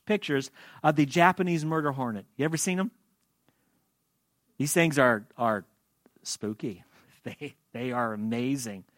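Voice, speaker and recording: A man preaching a sermon, shifting between loud emphatic lines and quiet asides. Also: sits high, no room sound, studio quality. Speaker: pastor.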